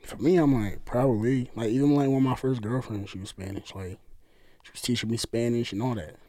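A man's voice: mid-range voice, steady tone, brisk, mellow. Laid-back New York man. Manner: laid-back, streetwise slang. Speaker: podcast guest. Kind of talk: casual chat.

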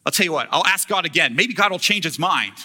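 A man's voice: fairly high pitch, lively intonation, fast talker, sharp tone, exaggerated voice. A man voicing a greedy, hesitant prophet for hire, in casual modern speech, during a sermon. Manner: casual modern wording, whiny.

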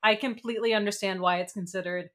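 A woman's voice: medium pitch, steady tone, quick pace, a bit bright. A woman co-hosting a podcast in casual chat, gushing with enthusiasm. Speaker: podcast co-host.

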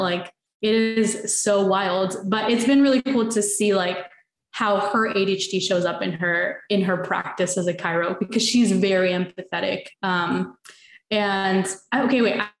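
A woman's voice: mid-range voice, reverberant. A woman guest on an interview podcast, chatting casually and eagerly acting out conversations as she tells stories. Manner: animated storyteller, acts out conversations.

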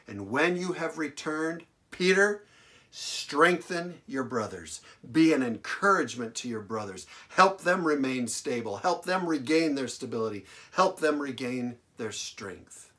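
A male pastor delivering a sermon, repeating phrases for emphasis and swinging between loud declarations and hushed lines. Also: mid-range voice, expressive, unhurried. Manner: dramatic preaching, big swings from loud to hushed.

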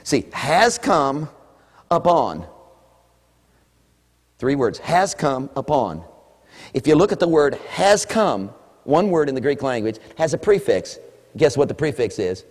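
A male preacher giving an animated sermon in a church, shouting for emphasis and mimicking congregants. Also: medium pitch, a little slow, pauses often. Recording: echoey hall with long reverb.

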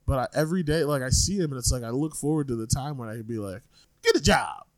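A man's voice: medium pitch, very fast, no echo. A young man co-hosting a podcast, chatting casually and comically, laughing often and swearing. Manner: animated, laughing often, profane. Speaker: podcast co-host. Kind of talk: casual comedic chat.

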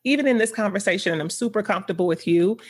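A woman's voice: mid-range voice, racing, breathy edge. A woman guest on a podcast, talking earnestly and candidly in casual conversation, often laughing and searching for her words.

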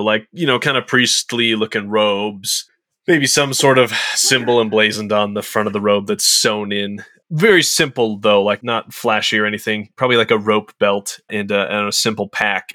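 A man's voice: on the low side, bright, forceful tone, no echo, studio quality. Male podcast host and game master; casual, upbeat, conversational delivery.

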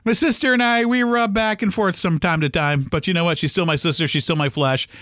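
Middle-aged male podcast host, rambling and heated, slightly high voice, dry recording. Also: steady tone, a little fast, fairly bright tone, clean tone, dry recording. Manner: rambling, heated, full of restarts and acted-out quotes. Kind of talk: solo podcast monologue.

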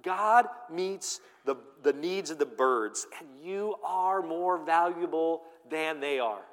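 A man's voice: fairly high pitch, expressive, slow, few pauses. Emphatic male pastor in a reverberant hall. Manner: emphatic preaching, swinging from loud to hushed. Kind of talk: sermon.

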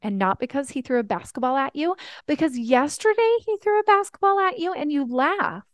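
A woman's voice: high voice, expressive, a little fast, dry recording, clean studio sound. A woman life coach hosting a podcast, telling family stories in an earnest, teaching way. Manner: earnest storytelling, reenacts family talks.

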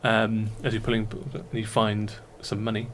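A man's voice: lowish voice, moderate pace, slight background noise. A man running a tabletop game as game master, narrating loosely with many fillers. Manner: relaxed, hesitant with fillers.

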